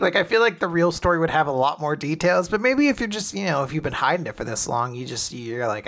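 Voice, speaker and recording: A man recapping a story in casual chat, acting out characters' lines in quick put-on voices. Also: on the high side, lively intonation, a bit bright. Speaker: podcast co-host recapping a manga chapter.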